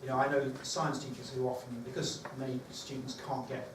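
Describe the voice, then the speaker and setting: Medium in pitch and level in tone, this man's voice moves a little fast as he leads a teacher training session. It's conversational, thinking-aloud talk with fillers. Recorded far from the mic in an echoey space with background noise.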